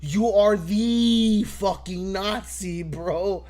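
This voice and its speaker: A man on a casual wrestling podcast, excitable and profane, laughing often. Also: high-pitched, extremely slow. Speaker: podcast co-host.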